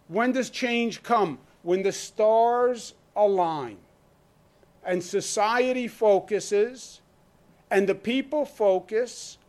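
A man gives an emphatic public speech as a governor, asking rhetorical questions and mimicking imagined voices. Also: sits high. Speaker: state governor.

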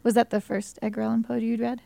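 Female interviewer, relaxed and curious, with a fry-edged voice. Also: a little high, fast talker, crowd noise. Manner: curious, asks open questions. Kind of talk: casual interview.

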